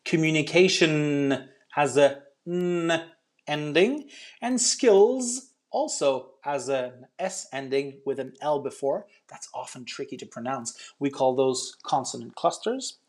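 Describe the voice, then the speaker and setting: A man's voice: medium pitch, lively intonation, unhurried, few pauses, darkish tone. A man teaching an online English pronunciation lesson, chatty and encouraging, explaining step by step with frequent ums.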